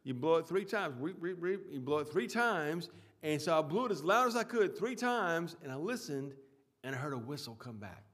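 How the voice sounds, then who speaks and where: A man preaching a sermon with emphatic swings in loudness, often repeating words and restarting phrases. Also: fairly high pitch, very animated, normal speed. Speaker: pastor.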